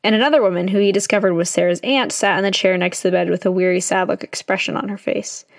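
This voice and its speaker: A woman's voice: medium pitch, fairly even intonation, fast talker, no room sound, clean studio sound. A young woman reading stories aloud in a casual, chatty way, adding jokey asides between them. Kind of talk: casual read-aloud storytelling.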